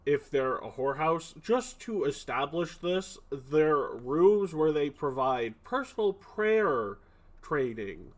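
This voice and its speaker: A man's voice: a little high, animated. A man, the game master, chatting casually and joking before a tabletop session. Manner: chatty, jokey, quick asides.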